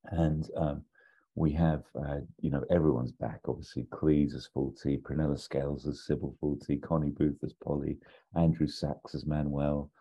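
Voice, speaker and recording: A man chatting casually and pitching a story idea, rambling and hesitant with many restarts, on a dull lo-fi recording. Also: level tone, moderate pace, dark tone, husky.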